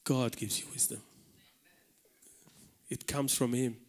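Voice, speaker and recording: A man from Malta with a Maltese accent, preaching an animated sermon in a church hall. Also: medium pitch, slow pace. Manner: animated preaching, shouting out acted warnings.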